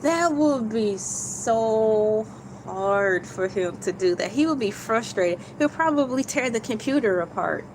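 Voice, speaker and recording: A woman's voice: mid-range voice, lively intonation, moderate pace, hardly any pauses, noisy background. A woman hosting a casual livestream, playfully talking through a list of points. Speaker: YouTube livestream host.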